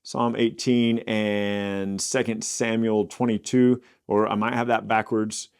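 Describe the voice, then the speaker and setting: A man teaching a casual Bible study, explaining scripture in plain everyday words, sometimes pausing with fillers or correcting himself. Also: fairly low pitch, little pitch movement, clear, resonant tone. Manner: occasional fillers and self-corrections.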